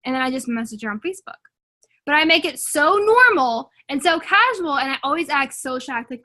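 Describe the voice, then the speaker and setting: A young woman leading a sales team on a video call, giving an energetic, casual pep talk full of fillers and pushy motivation. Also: high-pitched, fairly quick.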